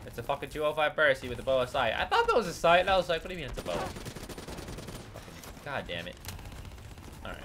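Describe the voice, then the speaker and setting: A man's voice: medium pitch, wildly swooping pitch, brisk, long pauses, slight background noise. A man doing let's play commentary, swearing and complaining at the game as he plays. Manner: profane, exasperated, yelling at the game. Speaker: gaming YouTuber.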